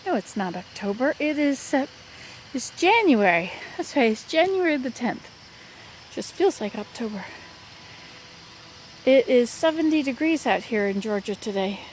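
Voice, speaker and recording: An older woman with a voice on the high side and big pitch swings talks at a moderate pace in a rambling home video update from the southern US. Friendly and prone to correcting herself, she records on a plug-in computer microphone, giving poor audio with slight background noise.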